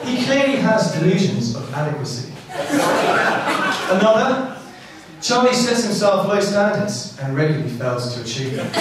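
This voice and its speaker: A best man delivers a wedding speech, his voice slightly high as he lands dry, deadpan jokes. He is heard from a distance in a reverberant hall while guests laugh around him. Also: very noisy. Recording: echoey hall from far off, crowd laughing.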